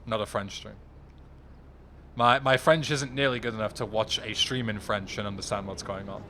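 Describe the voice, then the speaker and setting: A young man with a low voice, chatting with his live-stream audience in a laid-back, wry way. Video game sounds run faintly underneath him. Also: steady tone, moderate pace, pushed and bright. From England. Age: young adult. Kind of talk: casual live-stream chat, reading and answering viewers. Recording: game noise in the background.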